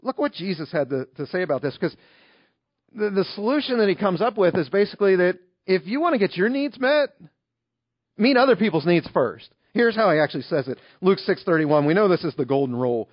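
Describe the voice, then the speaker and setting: A pastor preaches a sermon in an easygoing, conversational style, illustrating his points with everyday stories. His voice sits high for a man, with lively intonation and a fairly quick pace. The recording is dry and a little dull, with no room sound.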